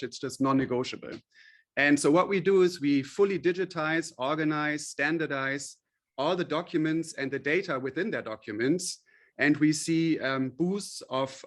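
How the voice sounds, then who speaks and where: A man's voice: a little high, a bit bright. A man, a company chief executive, guest on a radio interview, explaining at length in a friendly way with frequent fillers.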